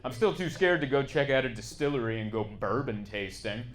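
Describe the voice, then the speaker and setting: Self-mocking stand-up comedian, animated. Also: male voice, mid-range voice, brisk. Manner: chatty, self-mocking, jumps into shouted bits. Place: comedy club stage. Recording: live club audience noise.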